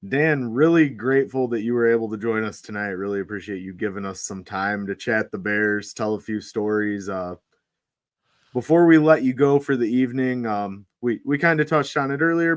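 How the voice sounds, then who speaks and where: A man with a low voice hosts a casual sports podcast. He gives short encouraging replies and thanks his guest as the interview wraps up. The sound is dry and close. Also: a little fast, no echo. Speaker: podcast host.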